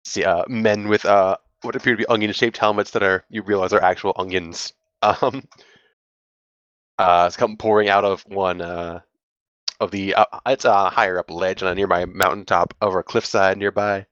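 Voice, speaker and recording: A man's voice: deep voice, steady tone, normal speed, a bit bright, dry recording, highs cut off. A man narrating as game master of a tabletop game, rambling and hesitant with many fillers.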